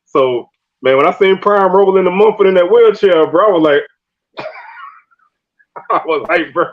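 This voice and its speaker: A man hosting a casual sports chat, telling animated stories and laughing often. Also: high voice, a little slow, highs cut off. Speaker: podcast host.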